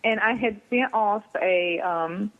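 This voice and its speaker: A woman's voice: mid-range voice, takes it slowly, narrow, tinny audio. A woman romance author telling a story on a radio talk show and acting out the people she quotes. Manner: lively, acts out quoted people. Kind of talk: casual storytelling on a radio interview.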